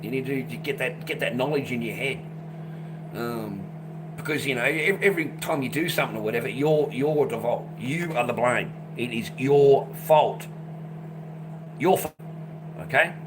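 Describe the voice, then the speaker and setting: A man's voice: mid-range voice, moderate pace. A man ranting casually to the camera, swearing constantly and repeating himself. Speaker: vlogger. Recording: noisy background.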